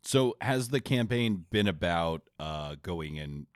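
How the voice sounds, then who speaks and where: A man's voice: low-pitched, expressive, slow, no room sound, clean studio sound. A man co-hosting a tabletop gaming podcast, asking questions and steering the conversation. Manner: asks questions, guides the conversation. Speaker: podcast co-host. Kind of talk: casual podcast chat.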